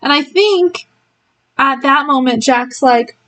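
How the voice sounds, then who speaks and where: A woman's voice: sits high, takes it slowly, fairly bright tone, rough recording. A woman giving a casual spoiler book review, retelling the story in a rambling way with many ums and small laughs.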